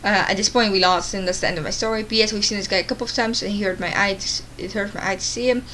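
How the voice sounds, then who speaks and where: A woman's voice: medium pitch, fairly even intonation, bright, forceful tone, slight background noise, rough recording. A woman reading online stories aloud, stumbling and restarting words as she goes. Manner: halting reading with frequent restarts. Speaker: story narrator.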